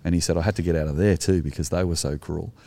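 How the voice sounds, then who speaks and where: A man's voice: deep voice, fairly even intonation, fast, gravelly, dark tone. An Australian man, an Anglican minister co-hosting, telling a story in an earnest, reflective way. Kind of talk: conversational storytelling.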